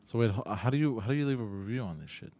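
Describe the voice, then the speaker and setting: A man's voice: lowish voice, expressive, racing, mellow, no echo. A man as the co-host on a casual live stream, easygoing and protesting the teasing.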